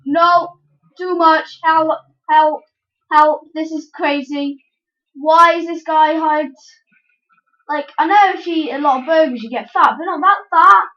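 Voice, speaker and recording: A woman commentating a game in a casual let's-play, excitable, with yelps and giggly outbursts. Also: high-pitched, highs cut off. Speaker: gameplay commentator.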